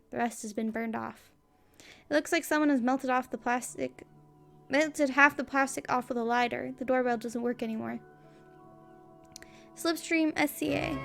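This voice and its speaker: A woman's voice: high voice, creaky. A woman playing a game on video, reading the on-screen text aloud in a casual way, with wry asides. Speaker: let's play gamer.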